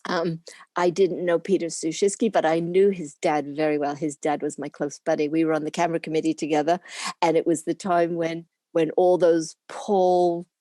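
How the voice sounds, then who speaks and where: An older woman chatting through her recollections in an interview, laughing as she goes. Her voice sits low and mellow. The sound is dry, with no room around it. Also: flat delivery, normal speed, no room sound. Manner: chatty, rambling, laughs often. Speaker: interview guest, camera assistant.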